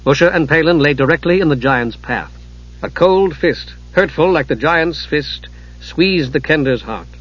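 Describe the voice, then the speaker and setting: A man reading a fantasy novel aloud in measured, dramatic audiobook narration. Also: on the high side, lively intonation, fairly bright tone, breathy edge. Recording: dull lo-fi recording.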